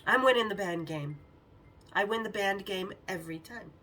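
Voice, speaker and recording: A woman's voice: mid-range voice, moderate pace, bright, forceful tone, far from the mic. A woman hosting her own show, telling stories in a frank, profane way and laughing often. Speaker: podcast host. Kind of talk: candid storytelling.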